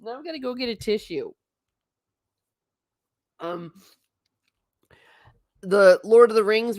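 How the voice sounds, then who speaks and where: A woman's voice: mid-range voice, expressive, measured pace, pauses often, dry recording, studio quality. A woman in her thirties hosting a livestream, reading chat and chatting in an emotional, laughing way. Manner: chatty and emotional, laughs often, self-interrupting. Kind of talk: casual chat.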